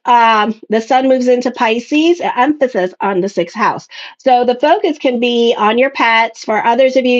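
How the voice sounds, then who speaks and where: Brief: middle-aged woman, casual astrologer, chatty and rambling, slightly high voice, dull lo-fi sound. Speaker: astrologer giving a monthly reading. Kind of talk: casual monthly horoscope reading.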